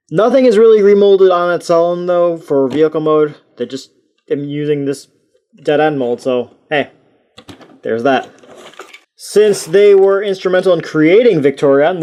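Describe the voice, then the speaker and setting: Chatty man with a higher voice. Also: darkish tone. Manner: rambling, self-deprecating, chatty with restarts. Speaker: toy reviewer. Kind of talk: casual toy review talk.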